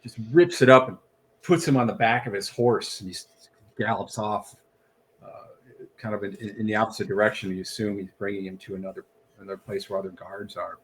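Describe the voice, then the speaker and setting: A man's voice: lowish voice, fairly quick, fairly bright tone. Rambling male game master. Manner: rambling, many restarts and fillers. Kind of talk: narrating a tabletop game.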